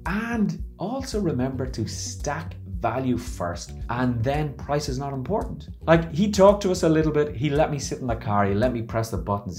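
A man coaching about business who talks casually to camera and acts out his stories with theatrical flair. His pitch swings widely as he talks. Soft music plays in the background. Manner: animated, theatrical storytelling. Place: lives in Barcelona.

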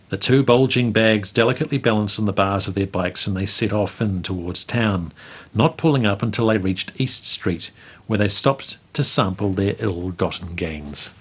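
A man, reading a memoir aloud in a measured, storytelling way as the show's host. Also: on the low side, husky. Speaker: host reading local history stories. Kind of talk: read-aloud memoir narration.

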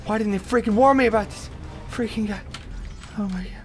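A young man commentating a video game as he plays, goofy and joking, bursting into shouts. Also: sits high, brisk, soft background music. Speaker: gameplay commentator. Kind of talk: let's play commentary.

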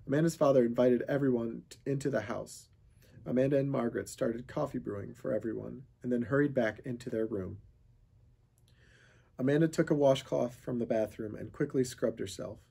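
A man reading a children's chapter book aloud, with steady storytelling narration. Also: medium pitch, moderate pace, creaky, slightly rough. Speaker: reader of a children's novel.

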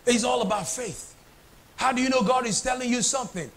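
A man's voice: very high voice, brisk, fairly bright tone. A man preaching a sermon as pastor, emphatic and repetitive, putting questions to his congregation.

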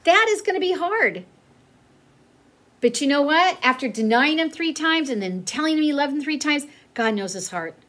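A woman's voice: high-pitched, animated, moderate pace. A middle-aged woman teaching a Bible lesson to children and praying in an earnest, tender way. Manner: tender, earnest, turns to soft whispered prayer.

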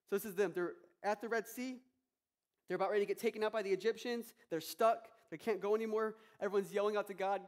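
Man, pastor, high voice, lively preaching, acts out quotes. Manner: energetic preaching with acted-out quotes. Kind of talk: sermon.

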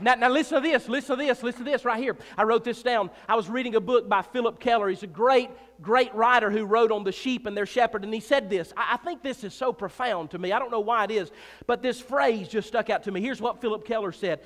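A man preaching a sermon in a church, emphatic and repetitive, swinging between loud and soft, with joking asides. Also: extremely high pitch, quick pace. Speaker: pastor. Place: church sanctuary. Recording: reverberant church hall.

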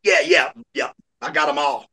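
Lively bright-voiced man. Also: on the high side, normal speed. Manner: animated, swears a lot, laughs mid-story. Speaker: guest storyteller. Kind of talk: casual storytelling.

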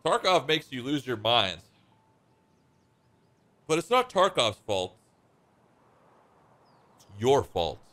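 A man's voice: medium pitch, very animated, slow pace, long pauses, fairly bright tone, dry recording. A man streaming a shooter game, chatting casually to viewers with a laid-back, joking manner and frequent swearing. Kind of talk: casual gameplay commentary.

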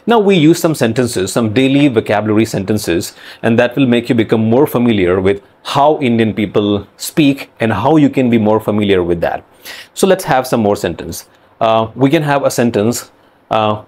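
A man presents an English pronunciation lesson in a middle-pitched voice. He explains sounds step by step at a careful pace. He repeats example phrases several times so learners can follow. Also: darkish tone. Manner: slow, deliberate, repeats phrases to demonstrate sounds.

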